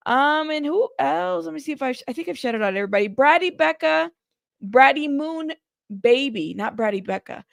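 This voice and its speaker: A woman's voice: sits high, expressive, normal speed, gravelly, no echo, clean studio sound. A woman hosting a casual news livestream, chatty and greeting her viewers one by one by name.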